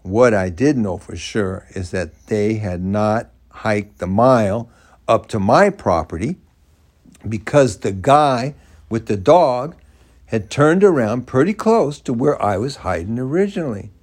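An older man telling a first-person story aloud in an animated, dramatic way. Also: fairly low pitch, measured pace.

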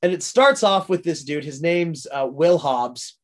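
A man's voice: a little high, lively intonation, a little slow. A young man in casual podcast chat, rambling through a story with many fillers and frequent laughs.

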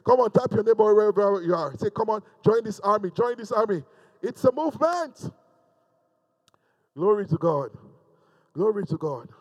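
A man preaching a sermon to a camera, swinging from loud fervent exhortation to quiet, intimate asides. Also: high voice, animated, normal speed, long pauses, lo-fi sound. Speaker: pastor. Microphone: speaking to a camera.

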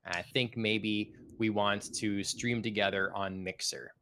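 A man co-hosting a gaming podcast, talking in a relaxed, rambling way with many fillers. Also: lowish voice, measured pace, slight background noise. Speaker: podcast co-host. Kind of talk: casual gaming chat.

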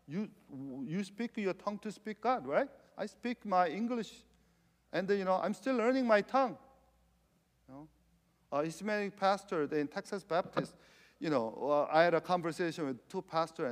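Man, pastor, high-pitched, conversational sermon, many "you know" fillers, non-standard English phrasing, long hall reverb. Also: animated, normal speed.

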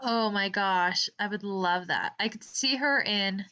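A young woman co-hosting a podcast in casual chat, emphatic and quick to exclaim. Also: mid-range voice, bright, forceful tone, clean tone. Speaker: podcast co-host. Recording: slightly dull, lo-fi sound.

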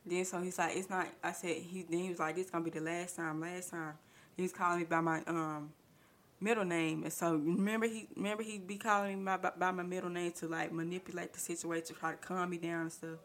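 A woman speaking in spins a personal story for her podcast, stacking up quoted back-and-forth with lots of "I said" and false starts. Her voice sits a little low but has a bright, sharp edge. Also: fairly even intonation, brisk. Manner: retells dialogue with many "I said" restarts, slangy. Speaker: podcast host. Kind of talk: casual storytelling.

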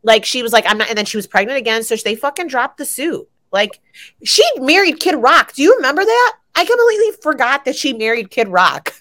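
She's a young adult co-host of an easygoing pop culture podcast, telling stories animatedly and swearing without restraint. Her voice climbs high whenever she gets excited, and she talks briskly.

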